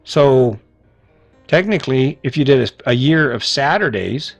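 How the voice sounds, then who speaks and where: A man's voice: mid-range voice, expressive, a little slow, creaky, soft background music. Blunt middle-aged man giving a pep talk. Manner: blunt, swears casually, asks rhetorical questions. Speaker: podcast host. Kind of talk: motivational monologue.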